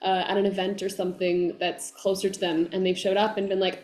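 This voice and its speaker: A woman voice actor chatting as an interview guest, animated and full of fillers, acting out fans' excited voices. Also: medium pitch, brisk. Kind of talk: casual interview chat. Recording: echoey room.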